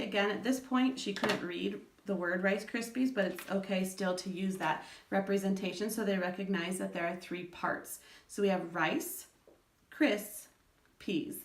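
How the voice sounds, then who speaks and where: A mid-pitched woman speaks patiently to parents, breaking words into syllables as she explains. Her voice carries a roomy echo. She sounds a little way off from the microphone. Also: far from the mic. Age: adult parent of school-age children. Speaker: educator giving parenting advice. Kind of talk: instructional talk to parents.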